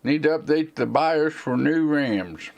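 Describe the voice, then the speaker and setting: On a live tech stream, a channel host rambles casually through viewer questions in a Southern American accent with a slight slur. He's from the United States, and his voice is fairly high, animated, a little slow and gravelly, with lo-fi sound.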